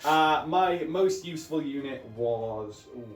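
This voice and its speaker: A man's voice: a little high, expressive, unhurried. Chatty man hosting a game, echoey room. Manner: joking, self-deprecating, chatty. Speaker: wargaming channel host. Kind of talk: casual tabletop game commentary. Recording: echoey room with music underneath.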